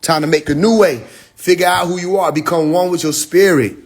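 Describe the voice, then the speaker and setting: A man's voice: high voice, steady tone, brisk. Laughing man telling stories to followers. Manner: laughs often, addresses listeners directly; slangy storytelling with acted quotes. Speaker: spiritual speaker on a livestream. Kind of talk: casual livestream talk to followers.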